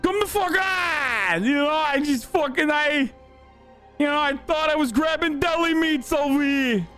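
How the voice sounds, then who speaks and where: A crude, boastful old politician, as a man mocks him. The voice sits up high and swings in a brash, sing-song way, spitting out profanity. Faint music plays underneath. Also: unhurried, sharp tone, heavily acted. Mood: rambling. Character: mocking impression of a crude, boastful older male politician.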